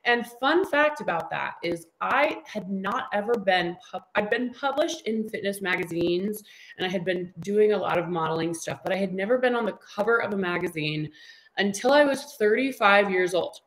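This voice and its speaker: A woman's voice: mid-range voice, moderate pace, poor audio. A woman in her thirties, a guest in a casual interview, telling stories with energy and acting out what people said. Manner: animated storyteller who acts out quoted dialogue.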